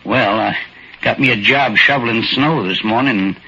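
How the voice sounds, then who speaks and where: A man's voice: mid-range voice, normal speed, background noise, lightly acted. An actor playing a timid, grateful down-and-out man who stammers and hesitates, in 1940s radio acting. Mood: humble. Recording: dull old radio recording.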